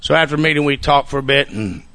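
Bright-toned man sharing his recovery story. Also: mid-range voice, quick pace. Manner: casual, profane storytelling with frequent "you know what I'm saying". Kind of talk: recovery meeting testimony.

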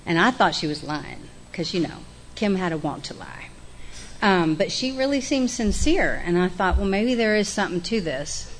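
A woman's voice: fairly low pitch, big pitch swings, normal speed, a little hiss or hum. A middle-aged woman, candidly sharing her recovery story in a frank, profane, self-mocking way. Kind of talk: candid personal testimony.

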